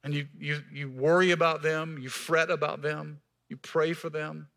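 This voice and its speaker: A man preaching a sermon in a church as pastor, emphatic, swinging between raised passages and hushed, quiet lines. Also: fairly high pitch, little pitch movement, moderate pace, gravelly.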